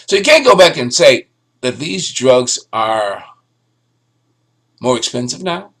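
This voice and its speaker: Animated, sarcastic man ranting. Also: medium pitch, slow, long pauses, breathy edge. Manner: sarcastic, ranting, animated delivery with stammered restarts. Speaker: news commentator. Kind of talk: opinionated solo commentary.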